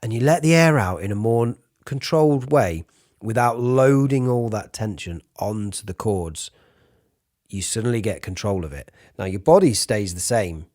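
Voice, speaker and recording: A raspy, breathy-voiced man giving a casual singing lesson, demonstrating sounds as he explains. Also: on the low side, expressive, moderate pace, darkish tone. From United Kingdom. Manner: informal, demonstrates sounds mid-sentence. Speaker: vocal coach.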